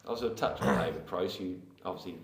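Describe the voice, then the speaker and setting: Low male podcast host, casual questions, echoey room. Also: fast, gravelly. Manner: short reactive interjections. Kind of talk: casual interview chat. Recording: roomy echo.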